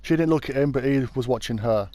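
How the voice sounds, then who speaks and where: A British man narrates a true crime story in a loose, conversational way, often doubling back to fix what he just said. His voice is mellow and relaxed, and the sound is dry and close. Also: mid-range voice, quick pace, no echo. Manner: chatty, informal, often backtracks to correct himself. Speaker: YouTube true crime host.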